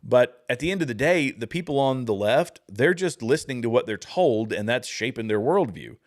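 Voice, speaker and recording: On his livestream, a thirtysomething man rambles through political commentary and viewer comments at a normal speed, his medium-pitched voice lively. He talks casually, often restarting his sentences and tossing in asides.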